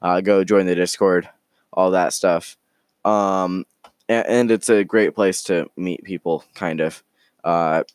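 Slow, rambling male podcast host. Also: sits low, clear, resonant tone, no room sound, clean studio sound. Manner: rambling, joking, halting. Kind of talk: casual improvised storytelling.

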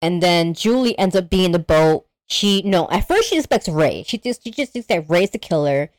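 A woman co-hosting a podcast, recapping a horror movie in an animated, profane way and acting out the characters' lines. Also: lowish voice, moderate pace, dry recording. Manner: animated storyteller, acts out characters, swears freely. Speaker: podcast co-host. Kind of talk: casual movie recap chat.

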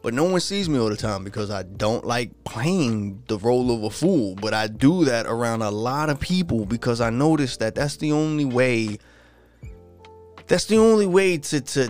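A man's voice: mid-range voice, lively intonation, moderate pace, few pauses, faint music behind. A man hosting a podcast, ranting in a casual, profane and frustrated monologue.

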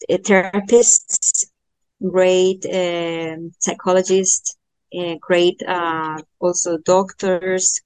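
Woman astrologer, talks real slow w lots of ums, lowish voice, dry close mic. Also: darkish tone, dry recording. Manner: slow, thoughtful, many fillers and restarts. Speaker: astrologer giving a chart reading. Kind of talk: podcast interview, explaining.

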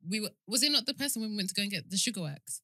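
A woman's voice: medium pitch, racing, no echo. A woman, telling stories in a casual chat and acting out what people said, often laughing. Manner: animated storyteller, laughs often, acts out quotes. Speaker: podcast co-host.

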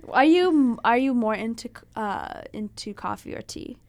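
A woman chats as a guest on a casual podcast, her voice pitched on the higher side. She is playful and riffs on the host's lines, but stalls with fillers when talking about herself. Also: expressive, normal speed, a little mellow. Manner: playful, echoes the host, hesitant fillers. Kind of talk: casual chat.

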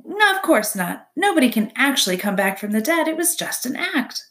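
A woman's voice: sits high, very animated, moderate pace, pitched above the performer's own voice, heavily acted. A woman voicing a chatty, theatrical female opossum who loves to perform, in a storybook reading. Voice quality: bright, gushing, theatrical.

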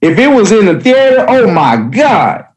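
High animated voice, blunt guy ranting about movies. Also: moderate pace, rough recording. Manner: blunt, emphatic, slangy. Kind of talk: casual movie review chat.

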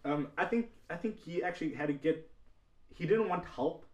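A man co-hosting a casual podcast, animated and quick to laugh, leaning on filler words. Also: a little high, reverberant, far from the mic, muffled recording. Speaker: podcast co-host.

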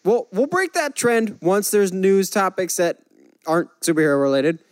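A man co-hosting a casual chat show, animated and joking with quick asides. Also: high voice, no echo. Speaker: podcast co-host.

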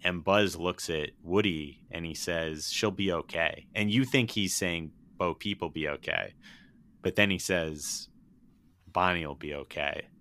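A man's voice: deep voice, a little slow, bright, forceful tone. A young man chatting casually about films on a podcast, rambling and emotional, cursing freely. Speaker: podcast co-host.

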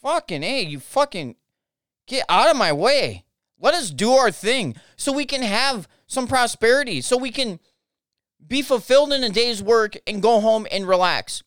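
A man's voice: very high-pitched, animated, normal speed, fairly bright tone, clean tone, no echo, clean studio sound. An American man hosting a podcast, ranting angrily with lots of swearing and stumbling restarts. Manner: angry, profane, repeats himself. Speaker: podcast host. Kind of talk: ranting political podcast monologue.

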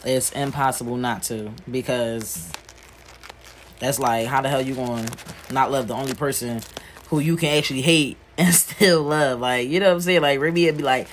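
A woman hosting her own podcast, talking casually and candidly in a rambling way, full of slang and restarts, and dropping low and soft when she talks about grief. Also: normal speed, slight background noise. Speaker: podcast host.

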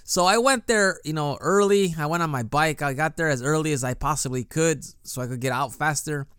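A man's voice: fairly high pitch, a little fast, fairly bright tone, smooth, no echo, clean studio sound. A man hosting a casual solo podcast, telling a story in a chatty way with restarts and "you know" fillers. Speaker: podcast host. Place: lives in Japan.

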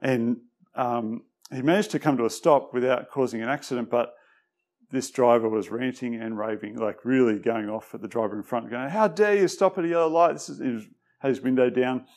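Aussie male pastor, chatty and hesitant, mid pitch, drops quiet sometimes. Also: normal speed. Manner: relaxed, hesitant, many fillers; tends to drop quiet. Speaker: preacher. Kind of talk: conversational sermon. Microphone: microphone.

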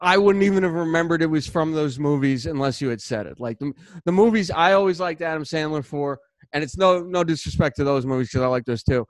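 Guy with a high voice riffing on sports, lots of restarts, dry close sound. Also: brisk, no room sound. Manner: animated, rambling with restarts. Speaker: podcast host. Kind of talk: casual sports chat.

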